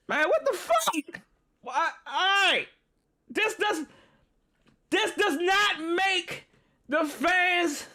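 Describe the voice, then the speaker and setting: A man hosts a live football reaction stream. His voice sits very high and sounds bright and forceful. He rants, swears and cracks up as he talks straight to his viewers. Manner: excitable, profane, laughing and ranting to viewers.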